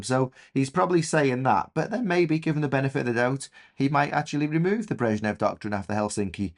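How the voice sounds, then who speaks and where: A man with an English accent teaching a recorded history revision lesson, in a chatty, enthusiastic way with frequent fillers. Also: lowish voice.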